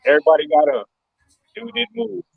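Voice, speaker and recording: Man, husky, very lively pitch, casual chat, laughing storyteller, muffled. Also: a little fast, no room sound.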